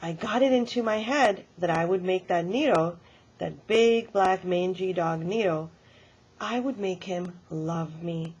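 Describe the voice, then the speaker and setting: An old grandmother, voiced by a woman in a storybook reading, tells her tale with emphatic, lively delivery. Her voice is husky and on the low side, and the recording sounds dull and lo-fi. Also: unhurried. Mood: storytelling. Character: elderly grandmother telling a stubborn-childhood tale.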